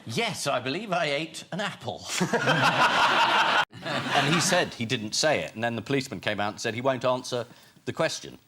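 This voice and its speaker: A man who is a regular panellist on a comedy quiz show, firing off dry, deadpan quips. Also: mid-range voice, normal speed, a little hiss or hum.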